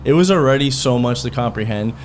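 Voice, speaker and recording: A man's voice: mid-range voice, lively intonation, quick pace, slight background noise. A man hosting a podcast, telling a heated personal story in a rambling, profane way, full of quoted back-and-forth. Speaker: podcast host. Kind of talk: casual storytelling.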